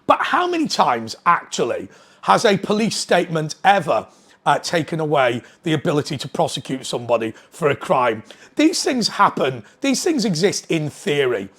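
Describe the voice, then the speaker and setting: A man with a notably high-pitched voice delivers a political commentary straight to camera. He is indignant and keeps hammering his points with pointed rhetorical questions. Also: very animated, normal speed, a bit bright, breathy edge. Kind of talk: opinionated monologue to camera.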